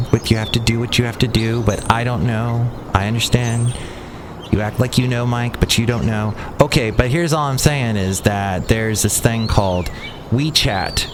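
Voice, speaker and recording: A male podcast host talking solo in a sarcastic, rambling, self-deprecating way. His voice sits at an ordinary middle pitch, with a steady noise audible behind him. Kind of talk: solo comedy podcast monologue.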